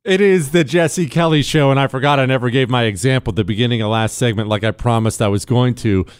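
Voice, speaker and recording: A man with a clear, resonant voice talks fast while hosting a radio show. His opinionated monologue swings from sarcastic, mocking high tones to a low, earnest pitch when he reads sponsor spots.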